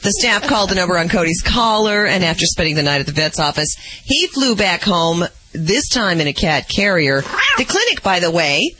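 Man, radio news reporter, chatty, amused, bright voice. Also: sits high, big pitch swings, moderate pace, few pauses, low-quality recording. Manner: chatty, amused, light-hearted.

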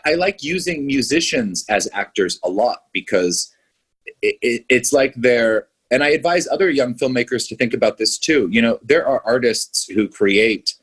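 A man's voice: mid-range voice, expressive, normal speed, fairly bright tone, husky. A male filmmaker chatting enthusiastically in an interview, rambling with frequent restarts. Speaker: filmmaker guest. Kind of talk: casual podcast interview.

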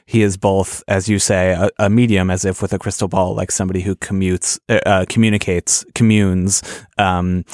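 A man's voice: low-pitched, little pitch movement, normal speed, darkish tone, no echo, studio quality. A man co-hosting a casual film discussion, thoughtful and hesitant, with many restarts. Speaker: podcast co-host.

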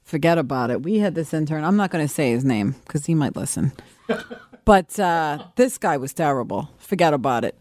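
Woman, talk show co-host, animated pitch, dry mic, teasing storyteller. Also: normal speed, no echo. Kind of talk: studio banter and anecdote.

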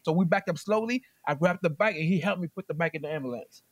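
A man giving courtroom testimony as plaintiff, telling his story in an animated way and acting out what others said. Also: on the high side, quick pace, no echo.

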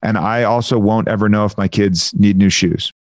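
Low-voiced man explaining budgeting, dry mic. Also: normal speed, dry recording. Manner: animated, explanatory, lots of "like" and "you know". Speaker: budgeting software founder, guest. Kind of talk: casual interview conversation.

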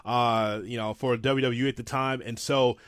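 Animated rambling man, dry sound. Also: medium pitch, normal speed, no echo. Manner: animated, rambling, self-described old-school fan. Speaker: podcast co-host. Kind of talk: casual wrestling talk.

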